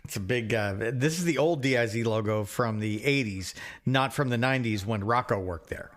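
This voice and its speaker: A man's voice: medium pitch, normal speed, a bit bright. A middle-aged man co-hosting a podcast, telling stories in casual chat, swearing freely and repeating himself. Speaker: podcast co-host.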